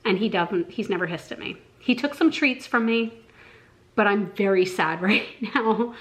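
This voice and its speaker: A woman with a Southern American accent chatting casually in a vlog, gushing and excitable, with lots of fillers. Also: mid-range voice, normal speed. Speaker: vlogger.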